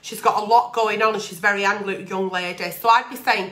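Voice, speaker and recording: A woman giving blunt, sweary, animated advice in a candid vlog, answering readers' letters like an agony aunt. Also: mid-range voice, brisk, a little hiss or hum.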